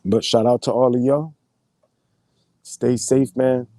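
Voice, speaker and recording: A man live streaming in relaxed, slangy casual chat, greeting his viewers as he talks. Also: medium pitch, takes it slowly, no echo.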